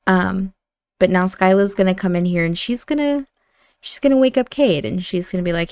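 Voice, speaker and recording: A woman's voice: mid-range voice, moderate pace, a little mellow, clear, resonant tone, no room sound, studio quality. A woman hosting a gaming channel, chatting casually and rambling with fillers as she narrates a life-sim game. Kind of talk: casual let's-play narration.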